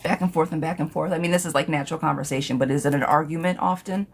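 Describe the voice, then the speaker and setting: A woman's voice: low-pitched, fairly even intonation, rapid-fire, a little hiss or hum. Laughing, foul-mouthed tarot reader woman. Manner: laughs often, swears freely, sassy. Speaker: tarot reader on a live stream. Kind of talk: casual live tarot reading.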